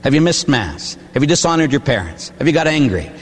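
An older man, a priest, preaching a sermon with animated storytelling, acting out the people he talks about. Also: on the high side, brisk, breathy edge. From Pittsburgh area, USA. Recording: long hall reverb.

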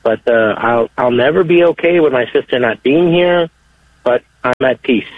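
Male caller with a mid-range voice on a thin phone line, earnest and halting. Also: mid-range voice, dry recording. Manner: earnest, halting, many restarts. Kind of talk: call-in radio testimony. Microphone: telephone. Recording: dry tinny phone line.

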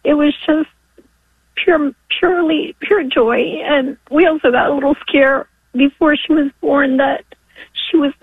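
A woman in her forties calling in to a radio show, tearful and halting as she gives an emotional testimony. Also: high-pitched, steady tone, dry recording. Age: 40s. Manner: halting, with apologetic laughs. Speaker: caller. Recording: dry tinny phone line.

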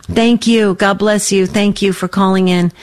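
Woman, call-in radio host, affirming, murmurs agreement, mid-pitched. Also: steady tone, moderate pace. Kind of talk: warm call-in radio chat.

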